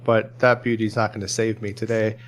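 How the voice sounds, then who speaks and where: A man playing a tabletop role-playing game, joking and talking in character with animated energy. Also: on the low side, brisk. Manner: jokey, animated, speaks in character. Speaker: player. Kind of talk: casual tabletop play.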